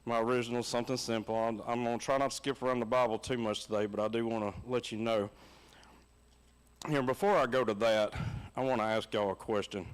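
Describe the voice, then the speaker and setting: A middle-aged man with a Southern American accent, preaching a sermon and telling funny personal stories in a folksy, animated way. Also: medium pitch, a little fast, smooth. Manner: folksy and animated, laughing at his own stories. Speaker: pastor. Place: church.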